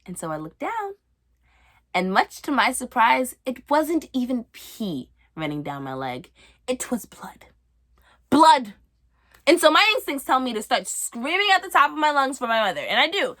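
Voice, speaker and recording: A young woman tells a comic stand-up story in a breezy, exaggerated way. Her voice sits somewhat high and bright, and it jumps around with lively swings in pitch. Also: normal speed. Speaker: comedian.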